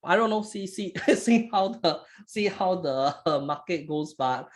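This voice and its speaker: A man's voice: high-pitched, expressive. Chatty Singaporean man hosting a webinar. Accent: Singaporean English. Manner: halting, stumbles and repeats words; chatty, ends phrases with "lah". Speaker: trading webinar host. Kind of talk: casual live webinar talk.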